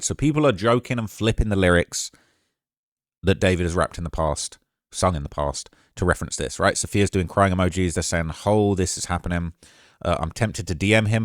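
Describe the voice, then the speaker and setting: Male commentary host, low voice, rapid casual delivery, dry sound. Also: dry recording. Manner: fast, casual, talks over quotes with quick asides. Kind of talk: reading and reacting to chat messages.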